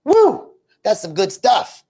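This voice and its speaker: A man's voice: a little high, animated, normal speed. A man giving an inspirational spiritual talk, then leading a guided gratitude meditation with fervent, repeated affirmations. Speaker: spiritual teacher. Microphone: livestream.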